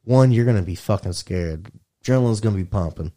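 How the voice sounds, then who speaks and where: A man's voice: lowish voice, quick pace, dark tone. A man in casual chat, joking crudely, laughing often and acting out what he would say in made-up situations.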